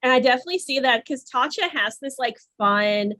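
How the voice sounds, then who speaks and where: A woman's voice: high voice, lively intonation, fairly quick, bright, forceful tone, no room sound. A woman co-hosting a podcast, gushing in casual chat about a reality show, full of "like" fillers. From United States. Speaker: podcast co-host.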